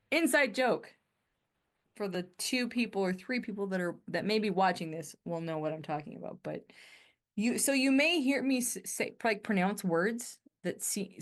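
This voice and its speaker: Canadian woman, solo podcast host, chatty and meandering, mid-pitched voice. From Canada, northern Alberta. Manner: rambling, self-correcting, chatty. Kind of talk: casual solo monologue.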